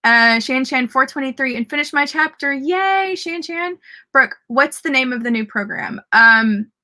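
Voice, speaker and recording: A woman's voice: high voice, fairly even intonation, moderate pace, pushed and bright. A woman with a Southern US accent hosting a casual live stream, reading out viewer comments and cheering them on. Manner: bubbly and upbeat, cheering viewers on.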